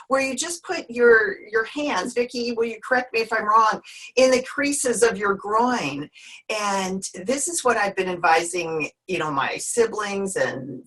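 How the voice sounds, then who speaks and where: A woman's voice: medium pitch, a bit bright, slightly rough. Earnest woman in her fifties. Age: 50s. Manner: earnest, emotional, with frequent restarts. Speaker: workshop presenter. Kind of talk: online workshop talk.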